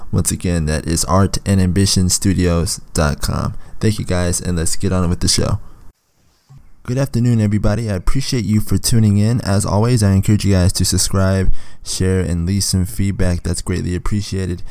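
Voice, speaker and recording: A man hosting a podcast in a relaxed, chatty way, with a lot of fillers and a slightly rough morning voice. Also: low-pitched, brisk, no echo. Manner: laid-back, chatty with many fillers. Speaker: podcast host. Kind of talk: casual interview chat.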